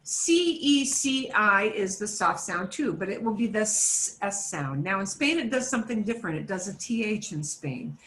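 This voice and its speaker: An American woman teaching a beginners' Spanish class, slowly and patiently saying words for learners to repeat. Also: medium pitch, lively intonation, a bit bright, echoey room. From United States. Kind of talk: classroom pronunciation lesson.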